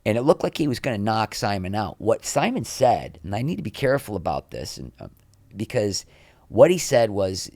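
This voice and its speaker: A fairly low-pitched man talks at a normal speed in a dry recording. He's a middle-aged actor on a podcast, telling candid behind-the-scenes stories in an animated way and acting out others' quotes.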